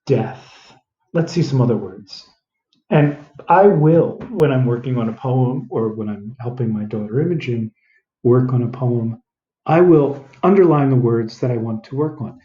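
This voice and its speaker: A man teaching a diction lesson, sounding out words slowly and deliberately, repeating them as he goes. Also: medium pitch. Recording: roomy, dull lo-fi sound.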